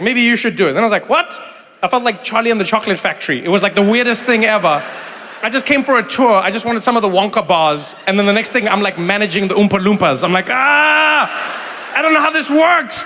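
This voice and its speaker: Animated man doing stand-up in a hall. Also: high voice, a little hiss or hum. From South Africa. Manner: animated storytelling, acting out voices. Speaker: stand-up comedian. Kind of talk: stand-up comedy with crowd work. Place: large theater stage. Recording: reverberant hall with faint ambience.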